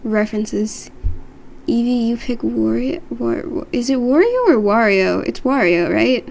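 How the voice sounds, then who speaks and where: Rambling, playful woman streamer with vocal fry. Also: fairly high pitch, lively intonation, unhurried, a little mellow, slight background noise. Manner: rambling, playful, self-deprecating. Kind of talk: casual chat with viewers. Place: her own room.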